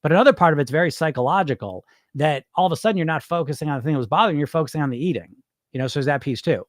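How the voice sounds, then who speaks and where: Guy coach answering viewer comments, kinda high voice, rambles, swears a bit, dry sound. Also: very fast, no echo. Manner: loose, rambling, swears casually. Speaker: weight loss hypnosis coach, podcast host. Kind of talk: casual live Q&A with viewers.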